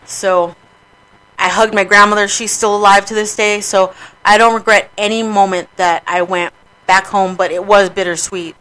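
A woman's voice: mid-range voice, steady tone, moderate pace, fairly bright tone, clean tone, low-quality recording. A woman hosting a casual radio show, talking candidly and profanely about grief and family. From New Mexico, USA.

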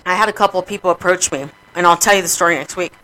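Casting: woman radio host, bright, blunt, swears freely, casual chat. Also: fairly low pitch, rapid-fire, low-quality recording. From New Mexico, USA. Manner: candid, profane, emotional about grief.

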